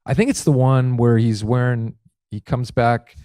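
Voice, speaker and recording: Animated man telling anecdotes. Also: medium pitch, measured pace, no echo, clean studio sound. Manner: animated, acts out quotes. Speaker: guest.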